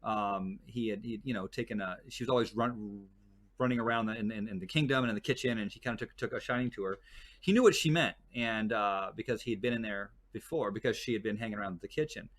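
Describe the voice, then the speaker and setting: Speaking quickly in a lowish voice, a man who guides desert tours rambles through stories as a guest in casual conversation, full of fillers and restarts.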